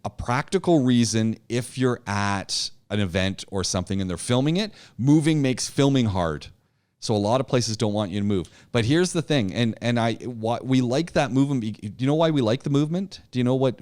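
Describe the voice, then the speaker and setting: A man's voice: medium pitch, animated, moderate pace, darkish tone. Encouraging male speaking teacher. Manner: encouraging, many repeated yeahs and restarts. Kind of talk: interactive class discussion.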